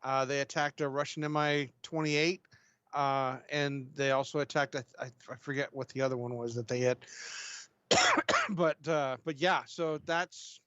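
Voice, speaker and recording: A man's voice: mid-range voice, fairly even intonation, normal speed, a bit bright, clear, resonant tone, no echo, dull audio. A man co-hosting a casual livestream, reading drone news stories aloud with frequent fillers and restarts.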